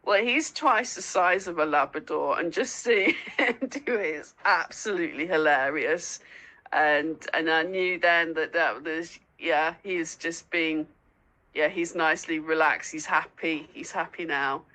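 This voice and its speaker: A woman guest in a casual interview, telling lively stories with lots of laughter and squeaky acted-out asides. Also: unhurried, rough recording. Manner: giggly storyteller, acts out lines in a high squeaky voice. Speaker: guest, dog owner and foster carer.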